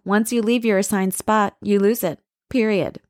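Woman voicing a calm, nonchalant dream woman. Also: medium pitch, normal speed, dry recording, clean studio sound, voice pushed up, close to an everyday voice. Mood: calm, matter-of-fact. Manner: nonchalant, matter-of-fact. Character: calm, unruffled young woman keeping a dream clinic.

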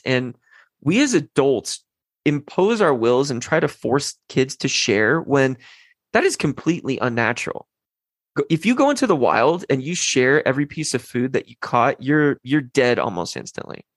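Animated dad telling parenting stories. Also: male voice, medium pitch, no room sound. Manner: animated, storytelling, quotes his kids in a lighter voice. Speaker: podcast host, parent. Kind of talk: casual podcast talk.

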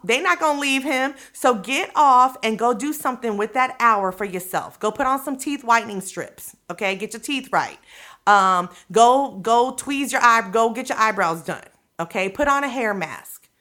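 Her voice is fairly high, pushed, and bright as this woman delivers a laid-back pep talk on her own podcast. She coaxes her listeners directly in colloquial slang, dropping in "okay?" and "you know what I'm saying?"

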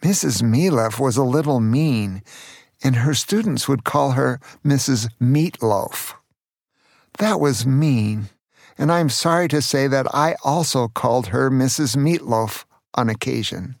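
A man in his sixties from California, a grandfather gently and earnestly telling stories from his childhood on his own podcast. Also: mid-range voice, lively intonation, vocal fry, dry recording, clean studio sound. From California, USA. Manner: earnest, gentle, slow storytelling. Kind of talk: storytelling memoir.

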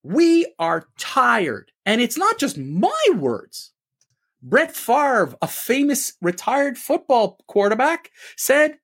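Animated man ranting on a sports show. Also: very high-pitched, takes it slowly, slightly rough. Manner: emphatic, punchy, fond of rhetorical questions. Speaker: co-host of a sports opinion show. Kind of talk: ranting opinion commentary.

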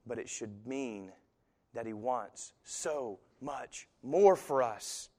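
A male pastor preaching an animated sermon that swings from soft to loud, with voices acted into the quotes. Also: mid-range voice, slow pace. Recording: long hall reverb.

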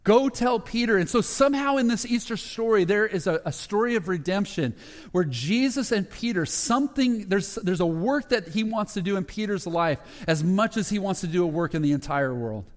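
A man preaching a sermon as pastor, telling the story conversationally with frequent restarts and dips into lower quoted voices. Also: lively intonation, moderate pace, long reverb tail.

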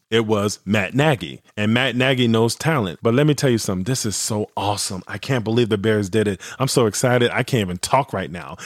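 A man's voice: mid-range voice, no room sound. Pumped-up guy hosting a sports podcast, gushing and repeating himself, dry close sound. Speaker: podcast host and founder. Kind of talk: excited sports podcast monologue.

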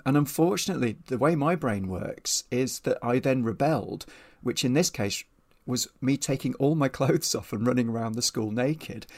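A man's voice: medium pitch, creaky. A man in his fifties, a behaviour trainer telling stories as an interview guest in a chatty, self-deprecating way. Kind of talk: casual storytelling in an interview.

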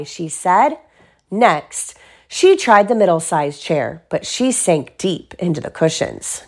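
Expressive mother reading a bedtime story. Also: medium pitch, slow. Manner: expressive, playful character voices. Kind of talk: picture-book read-aloud.

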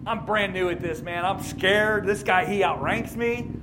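A man's voice: sits high, measured pace, music in the background. A man and racing ministry chaplain giving an informal sermon at a racetrack, telling a personal story in a conversational, plainspoken way.

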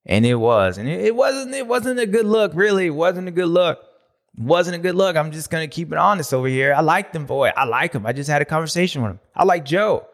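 Animated slangy man recapping races. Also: quick pace. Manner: animated, slangy, switches between loud bursts and low asides. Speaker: motocross podcast host. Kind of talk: casual race recap commentary.

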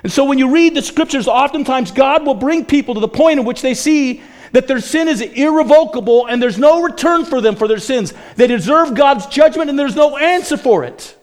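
High voiced guy preaching a sermon, gets loud on the big lines then goes soft and low. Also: expressive, brisk. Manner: impassioned preaching, rising to near shouts on quoted lines; drops to a low, soft voice for God's promises. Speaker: pastor.

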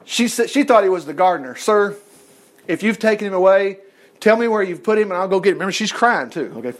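A man with a fairly high voice preaches to his congregation, reading scripture and then breaking off into casual asides. His pitch swings widely as he moves between verse and commentary. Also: lively intonation, quick pace.

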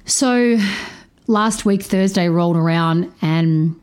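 A woman with a slightly low voice hosts a podcast and tells a personal story with open candour. She swears freely, and her pace keeps shifting between quick and drawn out. She sounds a bit drained of energy. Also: clear, resonant tone. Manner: animated, changes pace often. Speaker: podcast host.

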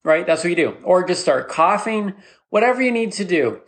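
A male comedian rambles through a solo podcast monologue with a voice pitched a bit above the usual for a man. He tells his story in an animated, mock-rallying way and jumps into a squeaky high voice when he quotes people. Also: moderate pace.

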